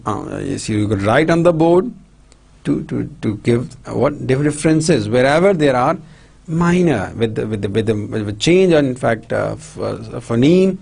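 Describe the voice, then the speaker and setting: Male lecturer with a Pakistani English accent, Urdu-native; animated pitch, lots of "right?" and restarts. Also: gravelly, husky. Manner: repetitive, halting, frequent checks for understanding. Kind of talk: university lecture on pronunciation.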